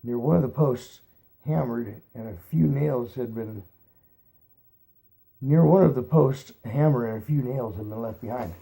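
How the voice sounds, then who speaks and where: A man reads a novel aloud in a relaxed, amateur way, backing up to correct his stumbles. His voice is mellow and warm, at a middle pitch for a man. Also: measured pace, vocal fry. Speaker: reader.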